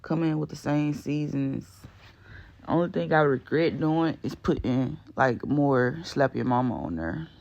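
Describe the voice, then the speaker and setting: A man's voice: on the high side, unhurried, vocal fry, a little mellow, muffled recording. A man giving a chatty, slangy voice-over for his cooking video, rambling along with lots of fillers. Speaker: cooking vlog host. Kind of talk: casual voice-over narration.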